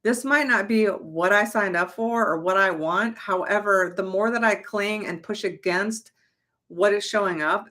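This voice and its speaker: A woman's voice: mid-range voice, a bit bright. A young adult woman giving a casual, emphatic motivational talk as a manifestation coach, chatty and swearing lightly.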